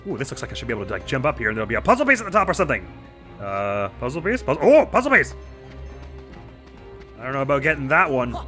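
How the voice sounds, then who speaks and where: A man's voice: mid-range voice, bright, forceful tone. A man hosting a let's play, chatting playfully over the game and making goofy sound effects. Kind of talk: gameplay commentary.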